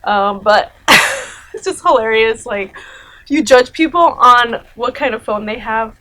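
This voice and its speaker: A woman's voice: a little high, unhurried, sharp tone. A woman in her thirties giving casual, sarcastic commentary, laughing often and saying "like" and "you know" a lot. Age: 30s. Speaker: commentary YouTuber.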